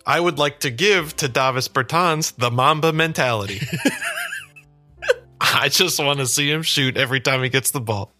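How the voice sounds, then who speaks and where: A young man co-hosting a casual sports podcast, making wry, deadpan jokes. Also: medium pitch, brisk, few pauses, dry recording, faint music behind. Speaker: podcast co-host.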